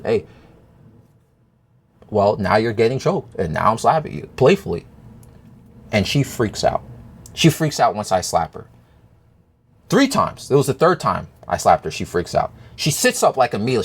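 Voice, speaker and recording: A man recounts a personal story to camera in a loose, rambling monologue. His pitch swings widely as he talks, and he keeps checking in with his listeners. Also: big pitch swings, normal speed, slightly rough. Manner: rambling, talks straight to viewers with many fillers and "right?" checks.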